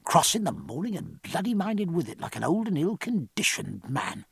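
A man's voice: on the high side, wildly swooping pitch, normal speed, vocal fry, husky, no room sound, exaggerated voice. A man voicing a brooding sea captain. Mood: grumbling. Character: gruff middle-aged male sea captain, brooding. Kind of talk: audiobook character voice.

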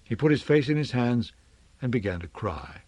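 A man narrating an audiobook in a calm, measured storytelling voice. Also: medium pitch, dry recording.

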